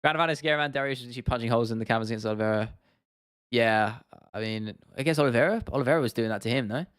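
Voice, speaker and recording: A man's voice: mid-range voice, rapid-fire, smooth, no room sound, studio quality. A man, hosting a casual livestream and chatting loosely as he answers questions from viewers. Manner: relaxed, chatty, answers chat questions with laughs. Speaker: livestream host.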